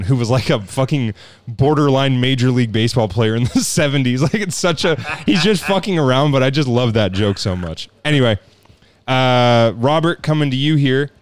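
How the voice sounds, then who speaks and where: A man's voice: medium pitch, moderate pace, clear, resonant tone, dry recording. A man hosting a casual podcast quiz about sportscaster catchphrases, swearing and laughing as he talks. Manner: swearing, laughing, playful, lively, does sportscaster impressions. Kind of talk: casual chat.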